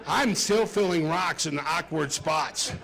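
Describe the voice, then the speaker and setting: A man's voice: a little high, takes it slowly, creaky, a bit bright. A middle-aged man doing a stand-up comedy set, chatty and self-mocking as he talks to the audience. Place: club stage with a live audience.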